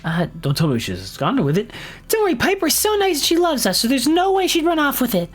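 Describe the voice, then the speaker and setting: A woman voicing a bubbly, generous young woman who is cheerful and excitable in a game. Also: brisk, faint music behind. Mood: worried. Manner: playful, high-energy, dramatic.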